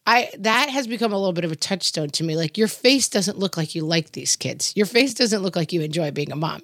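A woman's voice: mid-range voice, normal speed, hardly any pauses, no echo, clean studio sound. A middle-aged woman co-hosting a casual chat show, telling stories and acting out the voices she quotes. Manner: animated storyteller, acts out quoted voices. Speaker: podcast co-host.

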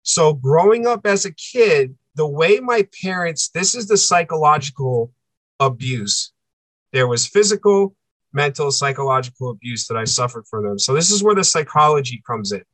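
A man with a slightly high voice tells a personal story as a podcast guest. He talks intensely, circles back to repeat phrases and acts out the voices of the people in the story. The recording is close and dry. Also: lively intonation, normal speed, fairly bright tone, dry recording.

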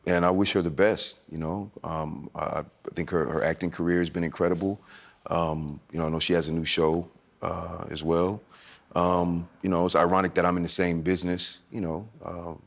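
A man in his forties speaking as a podcast guest, with a soft, smooth and melodic way of talking. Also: deep voice, flat delivery, moderate pace. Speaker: guest, former NFL running back turned actor. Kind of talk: podcast interview.

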